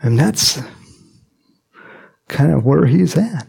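A man preaching a sermon in a lively, joking manner, acting out quotes and adding chuckling asides as he explains a Bible passage. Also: on the high side, slow, vocal fry, husky. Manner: animated and jokey, acts out quotes, frequent chuckles and asides.

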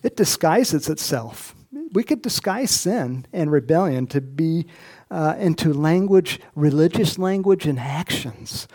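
His voice is a little high and darkish, with lively intonation and a slightly slow pace. The pastor tells his sermon like a story, performing Bible characters' voices and speaking conversationally to the congregation in asides.

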